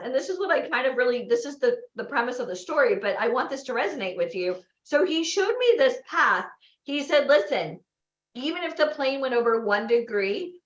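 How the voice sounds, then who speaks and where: A woman gives a lively motivational talk to a crowd, her voice a little high and full of exclamations. Her voice rings with a roomy echo, and the sound is slightly dull, as from a livestream. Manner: animated, exclaiming, asks the crowd questions. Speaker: event host. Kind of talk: motivational talk to a live audience. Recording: echoey, dull livestream audio.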